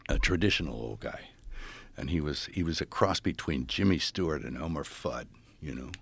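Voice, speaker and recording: A man in casual conversation, telling an animated story and acting out the voices of the people in it. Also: rumbling low, moderate pace, creaky, slightly rough.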